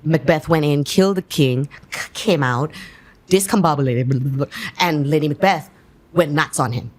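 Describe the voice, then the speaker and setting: A lively woman from Thailand tells stories in English, breaking into laughter often. She acts out the scenes she describes as a guest in an interview. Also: low-pitched, moderate pace. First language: Thai. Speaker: guest actress. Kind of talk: animated storytelling in an interview.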